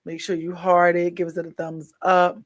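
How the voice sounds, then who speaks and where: A tired woman, an adult with a daughter, signs off her livestream with casual chat, encouraging her viewers in loose, slangy talk. Her lowish voice is completely flat at a moderate pace, and the sound is lo-fi.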